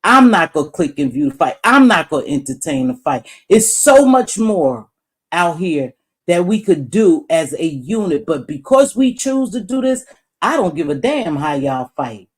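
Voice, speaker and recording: A woman's voice: fairly low pitch, sing-song, a little slow, slightly rough. A woman hosting a live stream in a blunt, preachy rant, swearing freely.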